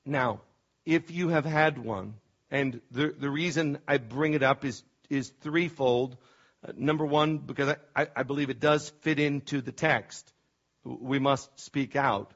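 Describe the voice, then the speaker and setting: A man's voice: medium pitch, fairly bright tone. A middle-aged man preaching a sermon as pastor, impassioned and emphatic, often stumbling over restarts. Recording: dull lo-fi sermon recording.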